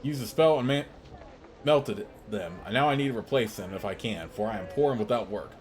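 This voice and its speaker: A man's voice: on the low side, animated, brisk, lightly acted. Man doing a drunk, bitter blacksmith. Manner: broken grammar, bitter grumbling. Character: drunk angry male blacksmith, bitter and poor.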